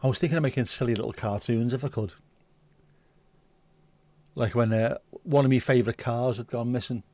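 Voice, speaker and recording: Reading out viewer comments during a casual livestream, this host in his fifties swears freely and tells funny stories. He talks fairly quickly in a medium-pitched, darkish voice with fairly even intonation, and there's no echo.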